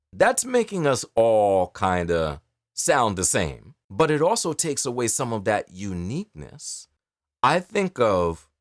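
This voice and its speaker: A man with a New York accent, a voice actor speaking to camera in an expressive, emphatic storytelling delivery. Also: mid-range voice, dry recording, clean studio sound. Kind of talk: direct-to-camera talk.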